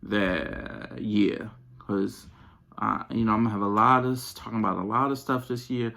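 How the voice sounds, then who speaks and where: A parent hosting a podcast, venting comically in casual slang, who swings from low mumbling to loud outbursts. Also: steady tone, moderate pace, creaky. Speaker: podcast host; parent of young children and an eleven-year-old. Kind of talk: comedic venting monologue.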